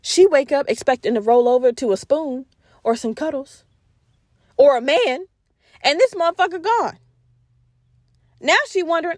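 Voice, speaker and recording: A woman hosting a podcast, retelling a film plot as animated, profane, slang-heavy comedic storytelling. Her voice sits high. The recording is close and dry, with no room sound. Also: unhurried, pauses often, no room sound. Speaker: podcast host.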